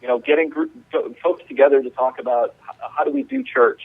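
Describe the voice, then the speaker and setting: A man's voice: mid-range voice, very animated, a little fast, breathy edge, no echo. Earnest male guest on a phone line. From Charlotte, North Carolina area. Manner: earnest, many ums and uhs. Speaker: guest, community organizer. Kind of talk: phone-in radio interview.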